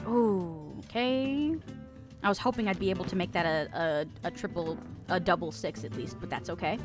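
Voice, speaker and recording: A woman's voice: fairly low pitch, normal speed, faint music behind. A woman in her twenties streaming a game, chatting casually and swearing with her viewers. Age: 20s. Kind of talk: casual gaming stream chat.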